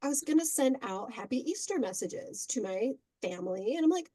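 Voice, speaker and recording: A middle-aged woman chatting as a podcast guest, spinning family anecdotes with lively swings in her voice and bursts of laughter. She sounds close and dry, with no room around her. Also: high voice, brisk, few pauses, no echo, poor audio. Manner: animated, laughing storyteller. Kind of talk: casual storytelling.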